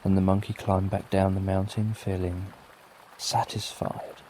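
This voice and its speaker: A middle-aged British man narrating a bedtime story for sleep, gentle and lulling with plenty of repetition. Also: sits low, completely flat delivery, moderate pace, slight background noise. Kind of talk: slow soothing bedtime storytelling. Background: soft rain.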